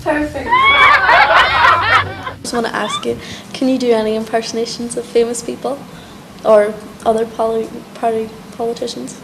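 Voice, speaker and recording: A woman's voice: on the high side, big pitch swings, moderate pace, gravelly, background noise. A woman with a Northern Irish accent, an interviewer coaxing guests in a playful way.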